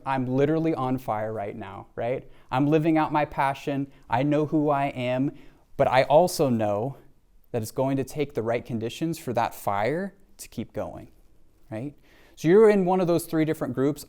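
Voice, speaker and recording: A man's voice: mid-range voice, a little mellow. A middle-aged man giving a heartfelt live leadership talk to an audience at an event venue, often adding "right?" asides. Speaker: leadership speaker.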